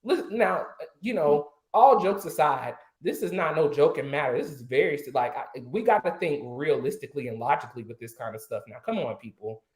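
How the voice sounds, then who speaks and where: A man's voice: fairly high pitch, animated, a little fast, few pauses. A man on an online panel, ranting in heated indignation and firing off rhetorical questions. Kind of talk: impassioned online panel talk. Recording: roomy echo.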